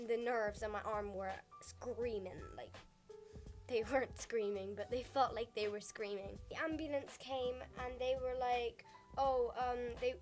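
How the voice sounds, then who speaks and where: A teenage girl tells a casual storytime in a slightly high voice. She rambles and leans on "like" between every clause. Soft music plays faintly underneath. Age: teens. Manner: rambling, full of "like" fillers. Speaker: vlogger.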